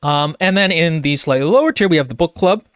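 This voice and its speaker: A man's voice: fairly high pitch, expressive, fairly quick, clean tone, no room sound, clean studio sound. A man co-hosting a book podcast in casual chat, wry and joking, rambling with fillers. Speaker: podcast co-host.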